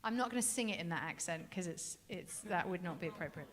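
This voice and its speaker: A woman's voice: lowish voice, lively intonation, fast talker. A woman from England, a jazz singer chatting and joking with the audience between songs on a club stage.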